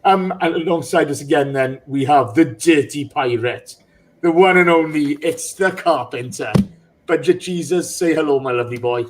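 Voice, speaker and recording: A man hosting a casual football podcast in a slightly higher voice. He talks haltingly, with frequent ums and restarts, and sounds emotional. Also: a little hiss or hum, low-quality recording. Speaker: podcast host.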